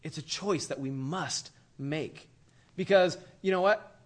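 A male preacher giving a casual, slangy sermon, animated and acting out characters as he goes. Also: fairly high pitch, takes it slowly.

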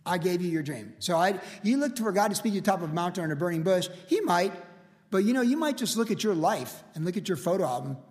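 A man's voice: high voice, expressive, quick pace, a little mellow, big-room sound. A man in his sixties preaching a verse-by-verse sermon as a pastor, telling stories in a casual way with lots of "like" and "you know". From United States. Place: church.

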